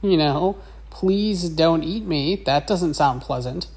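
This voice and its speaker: Woman doing a cartoon lung cell, male, timid, friendly, high pleading voice, slow. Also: darkish tone, full character voice.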